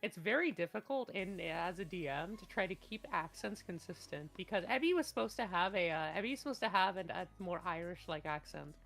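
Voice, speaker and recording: A woman's voice: lowish voice, expressive, a little fast, creaky, hardly any pauses. A woman running a tabletop game as game master, chatting casually and rambling with many restarts. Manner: rambling, restarts often, bursts into loud laughter. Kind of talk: casual chat on a voice call.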